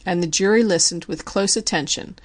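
Scripted audiobook narration is delivered by a woman whose voice is lowish, her storytelling calm, measured and even.

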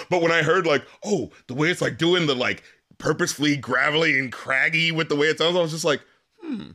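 A man co-hosting a casual album-review chat, animated, laughing often and swearing, acting out lyrics in little voices. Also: a little high, a little fast. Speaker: podcast co-host reviewing rap albums.

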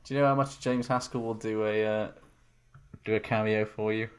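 A man's voice: fairly low pitch, steady tone, fairly quick, clear, resonant tone. A man co-hosting a podcast, talking in a wry, rambling way and laughing often. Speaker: podcast co-host. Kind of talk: casual banter.

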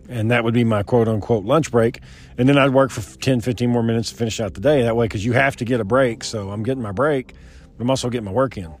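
A young man telling a rambling, profane personal story, quoting others in his own voice. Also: mid-range voice.

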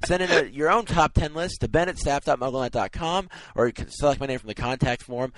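A man's voice: medium pitch, quick pace, dry recording, rough recording. A young man co-hosting a podcast, reading a comic top ten list and laughing through his lines. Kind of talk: jokey podcast banter. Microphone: internet call.

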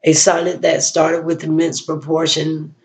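A woman performs a spoken-word poem in a gravelly, creaky voice. She speaks slowly and measuredly in a flat, even tone. She pauses often and sometimes restarts a phrase. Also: deep voice. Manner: slow, measured recitation with frequent pauses and restarts. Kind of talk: poetry recital and personal reflection.

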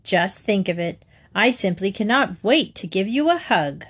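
A woman's voice: medium pitch, expressive, measured pace, fairly bright tone, breathy edge. A woman voicing a crafty male fox in a storybook fable, coaxing and falsely friendly. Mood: gushing. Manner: sweet-talking, coaxing.

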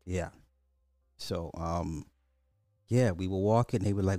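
Animated man telling stories. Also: low-pitched, takes it slowly, no room sound, studio quality. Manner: animated storytelling, laughs often, swears. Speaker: podcast host. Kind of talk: casual chat.

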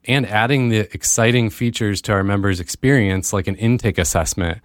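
A man hosting his own podcast, talking straight to listeners in an earnest monologue that lifts into excited bursts. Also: fairly low pitch, fairly quick, no room sound, clean studio sound. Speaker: podcast host.

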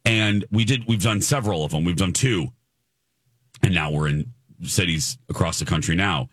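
A middle-aged man hosting a talk show, telling a story in a chatty, animated way and laughing often. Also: low voice, moderate pace, slightly rough, no echo, clean studio sound. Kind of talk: casual on-air storytelling.

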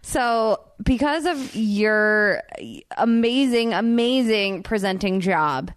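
A woman's voice: a little high, slow pace, crowd noise. A woman hosting a podcast, chatting casually and playfully, laughing often. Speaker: podcast host. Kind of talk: casual chat.

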